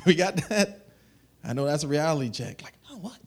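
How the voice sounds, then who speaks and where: A man preaching a sermon in an animated, conversational way, acting out little asides. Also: on the high side, moderate pace, husky. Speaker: pastor.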